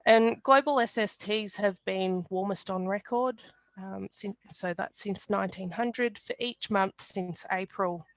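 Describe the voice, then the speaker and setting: A woman, a climatologist, explains forecasts in a webinar presentation, measured and explanatory, with frequent ums and restarts. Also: mid-range voice, no echo. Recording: dull lo-fi webinar audio.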